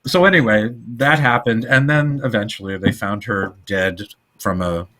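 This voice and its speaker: A man co-hosting a podcast in casual chat, telling film history stories in an animated way. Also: on the low side, normal speed, a little hiss or hum. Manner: animated storytelling, trivia-laden. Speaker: podcast co-host.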